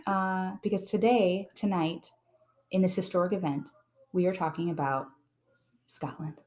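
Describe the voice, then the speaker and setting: A woman hosting a casual podcast with friends at a table, excitable and rambling, giggling often. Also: lowish voice, normal speed. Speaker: podcast host. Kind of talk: casual chat. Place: room shared with friends at a table. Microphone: table mic.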